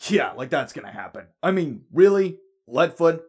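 A man's voice: a little high, sing-song, normal speed, a little mellow, slightly rough. A man voicing a sarcastic, exasperated heroic robot leader in a fan parody cartoon dub.

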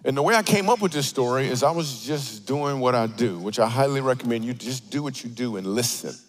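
A man preaching a comedic sermon in a church auditorium, telling stories with animated, playful asides. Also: medium pitch, brisk. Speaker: guest speaker.

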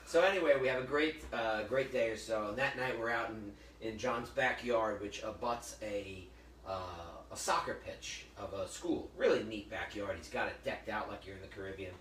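A man hosting a casual cooking show, joking and telling stories in a chatty, animated way. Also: lowish voice, moderate pace, a little hiss or hum. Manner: chatty, jokey, animated storyteller. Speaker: host of a live cooking show. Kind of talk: casual storytelling chat. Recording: echoey room, mic at a distance.

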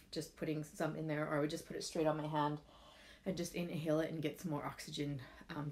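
A woman vlogger shares essential oil tips in a casual, heartfelt chat to the camera, rambling and using lots of fillers. Her voice sits low and sounds gravelly, with a darkish tone.

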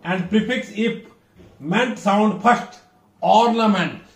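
A high-voiced man with an Odia accent teaches a lesson, spacing his words out and saying each example twice. He sounds some distance from the mic, in a room that echoes. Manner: slow, deliberate, repeats words. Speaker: English teacher. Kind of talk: classroom lesson.

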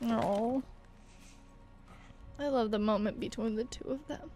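High-voiced tearful woman gamer. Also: measured pace, mellow, faint music behind. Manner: emotional, tearful and swearing. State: crying. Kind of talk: let's play reaction.

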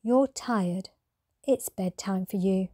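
A woman's voice: mid-range voice, slow pace, dark tone. Woman as a soothing mother owl. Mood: gentle. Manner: soothing, tender. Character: gentle loving mother owl.

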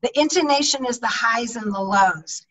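A middle-aged woman, a public speaking coach, teaching an online leadership talk with energetic, emphatic delivery over a video call microphone. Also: a little high, normal speed, recorded from a distance, rough recording.

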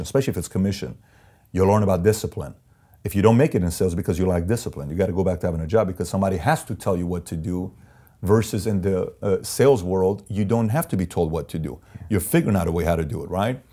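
A man's voice: deep voice, mellow. A man telling stories from his business life as an interview guest, in an intense, emphatic way, acting out the voices of the people he quotes. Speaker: interview guest, company CEO. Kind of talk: storytelling in a sit-down interview.

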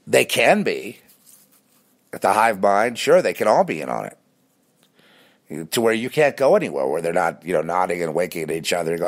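A man talking in a rambling, animated casual monologue with many restarts. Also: sits low, moderate pace.

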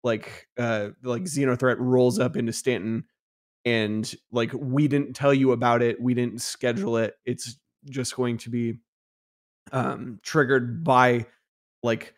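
A man working as a game developer, a guest on a podcast, explaining things in a halting, enthusiastic way, with lots of fillers. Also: medium pitch. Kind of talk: casual podcast chat.

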